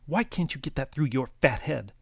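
A man's voice: medium pitch, lively intonation, moderate pace, gravelly, slightly rough, no room sound, clean studio sound, voice pushed up. A man voicing a bitter young mother who snaps at her partner. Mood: snapping. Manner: hissing, snapping.

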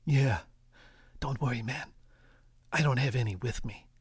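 A man's voice: mid-range voice, a little slow, slightly rough, no room sound, clean studio sound. A man voicing a rumpled young man who whispers secretively.

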